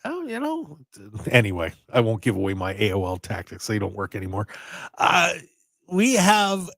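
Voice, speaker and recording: A man hosting a wrestling radio show in casual chat, animated and prone to repeating words as he starts a sentence. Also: on the low side, normal speed, no echo.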